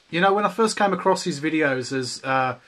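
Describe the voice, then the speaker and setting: A man's voice: fairly high pitch, expressive, normal speed, crowd noise. A man chatting casually on a voice call, hesitant and full of fillers. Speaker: participant in a voice call. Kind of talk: casual chat.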